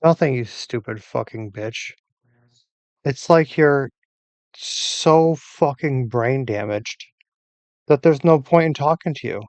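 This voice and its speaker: Brief: furious man hurling profane insults, dry close sound, mid-pitched. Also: slow, no room sound, dull audio. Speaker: user arguing with an AI assistant. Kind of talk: angry rant.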